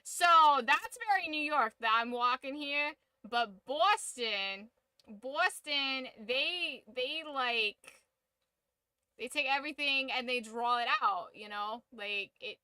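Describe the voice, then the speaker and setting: A woman from the United States chats casually while streaming a game, rambling through joking, opinionated asides. Her voice is fairly high, bright and smooth, with a forceful tone. The recording is dry.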